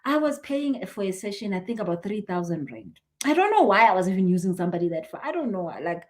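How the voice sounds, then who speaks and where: A woman, a spiritual healer chatting casually on a live stream, animated and quick to laugh. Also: mid-range voice. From South Africa. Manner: animated, chatty, laughs often, acts out what people say. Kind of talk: casual live-stream chat answering viewers.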